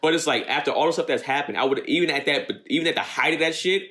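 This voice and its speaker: A man's voice: on the high side, lively intonation, very fast, sharp tone. A man co-hosting a podcast from home, talking earnestly and casually with slang about an anime. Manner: laid-back, earnest, heavy slang and swearing. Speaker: podcast co-host.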